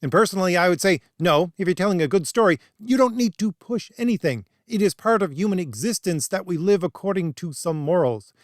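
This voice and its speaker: A man's voice: sits high, lively intonation, brisk, hardly any pauses, no echo, studio quality. Emphatic man giving video commentary. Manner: emphatic, argumentative. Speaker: commentary host.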